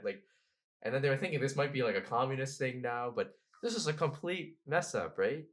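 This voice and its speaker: A man, a podcast guest who tells history as animated, slangy stories and laughs often. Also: medium pitch, quick pace. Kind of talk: casual podcast conversation.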